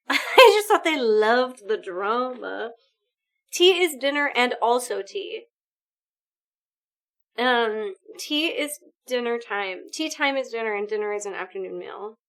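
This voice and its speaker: A woman live streaming a video game, chatting casually with her viewers in an animated, exclamatory way. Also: on the high side, slow. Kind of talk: casual gaming stream chat.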